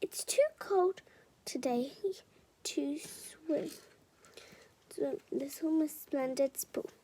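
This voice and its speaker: A woman voicing a small, cheerful storybook man with long arms, bright and eager in tone. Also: high-pitched, drawn-out words, slight background noise. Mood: coaxing.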